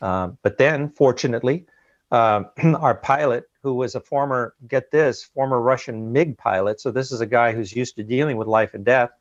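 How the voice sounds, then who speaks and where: A man as an interview guest, recounting an ordeal in an earnest, halting way and often repeating words, heard over a dull remote line. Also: medium pitch, no echo. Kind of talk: emotional interview account.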